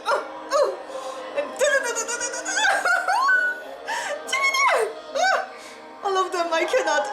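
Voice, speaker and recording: Very high-voiced, gasping woman reacting to music. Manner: gasping, exclaiming, breathless fangirling. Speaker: reaction video host. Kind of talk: excited reaction commentary. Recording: roomy echo with music playing behind. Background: the reacted music video's music.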